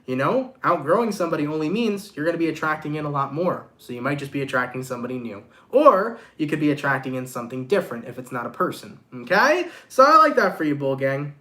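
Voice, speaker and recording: Young man, stuffed-up voice, a bit high, hosting a laid-back tarot vlog with slangy, upbeat talk. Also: very animated, fast, few pauses, sharp tone. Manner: casual, upbeat, slangy, talks straight to viewers. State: congested. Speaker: tarot reader. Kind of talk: casual tarot reading vlog.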